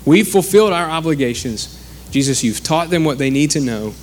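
A man's voice: on the high side, expressive, fairly quick, a little hiss or hum. A man preaching a sermon in a conversational way, acting out the quoted speakers.

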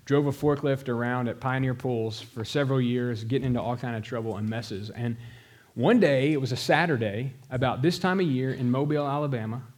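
A man in his middle years preaching, mixing personal stories with calls to prayer. His delivery is emphatic and direct, and his pitch sits at an ordinary middle height for a man. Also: a little fast, hardly any pauses, darkish tone. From American South. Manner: storytelling, emphatic, addresses the congregation directly. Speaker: pastor. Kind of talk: sermon.

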